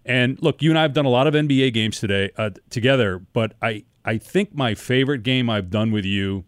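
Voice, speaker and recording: A man hosting a sports podcast, asking questions in a relaxed, conversational way. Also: mid-range voice, fairly quick, no room sound, studio quality. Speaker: podcast host and sports broadcaster. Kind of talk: casual interview chat.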